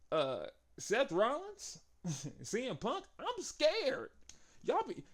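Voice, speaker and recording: Young man, wrestling show reviewer, excitable, laughing, slightly high voice, casual recap.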